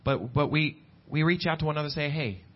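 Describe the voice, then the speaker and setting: A man preaching a sermon at a church service, talking conversationally and climbing in pitch when he stresses a point. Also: fast talker. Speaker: pastor. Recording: dull lo-fi church recording with faint guitar.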